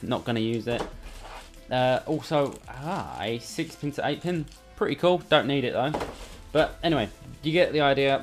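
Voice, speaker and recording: Chatty swearing man. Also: mid-range voice. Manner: chatty, irreverent, swears casually. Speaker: hardware reviewer. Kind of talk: casual unboxing chat. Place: bedroom at home under a studio light.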